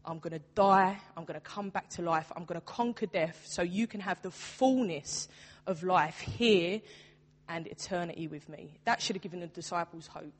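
A woman's voice: fairly low pitch, normal speed. A young adult woman, a church youth worker, preaching a sermon in an earnest, conversational way. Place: church hall. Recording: long hall reverb.

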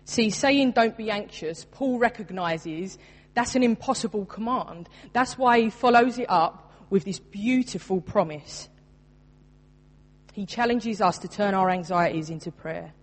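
Woman, 30s, preacher; mid pitch, earnest emphatic sermon delivery, long hall reverb. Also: measured pace. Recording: long reverb in a large room.

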